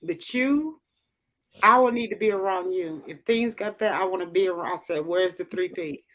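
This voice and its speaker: A woman's voice: medium pitch, animated, normal speed, fairly bright tone, a little hiss or hum. A woman telling a rambling story in casual livestream chat, restarting sentences often and voicing what others said. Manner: rambling storyteller, many restarts, voices quotes.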